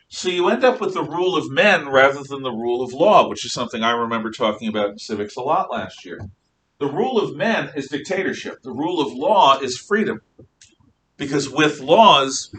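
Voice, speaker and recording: A man teaching a history class, lecturing in an emphatic, animated way. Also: medium pitch, a little hiss or hum. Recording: echoey room, mic far off.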